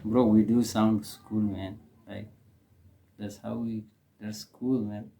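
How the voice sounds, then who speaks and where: A man's voice: on the low side, flat delivery, slow pace, gravelly, very noisy. A man with a Nepali accent, hosting a reaction video in casual, hesitant commentary full of fillers and restarts.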